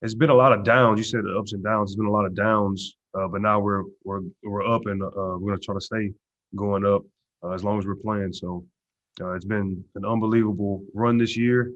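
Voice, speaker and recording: A football player answering press questions in a relaxed, low-key way, with lots of "you know" and "uh" fillers. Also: male voice, brisk. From Texas. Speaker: pro football player at media day. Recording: dull lo-fi stream audio.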